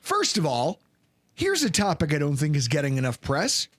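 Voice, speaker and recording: A man's voice: a little high, huge pitch swings, normal speed, a bit bright, no room sound. A man hosting a sports podcast, ranting in a casual, sarcastic way. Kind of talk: casual sports talk rant.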